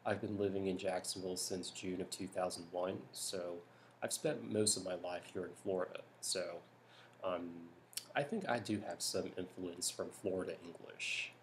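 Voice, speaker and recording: A young man from California talking softly in a hushed voice at home at night for a vlog, rambling with lots of ums and restarts. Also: deep voice, steady tone, normal speed, slight background noise. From California, United States. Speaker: YouTuber. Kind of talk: soft-spoken vlog talk.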